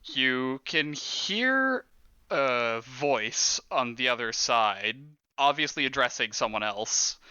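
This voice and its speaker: A man's voice: medium pitch, lively intonation, slow, bright, forceful tone, smooth, muffled recording. A man acting as game master of a tabletop horror game, teasing his players and laughing often.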